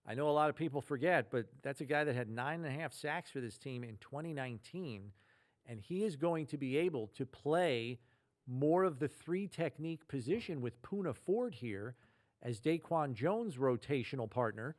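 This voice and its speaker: A man's voice: medium pitch, moderate pace, no echo, studio quality. A man co-hosting a sports podcast, quizzing his partner and talking roster moves. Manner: lively quizmaster, reads ad copy. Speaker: podcast co-host. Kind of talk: sports podcast quiz and chat.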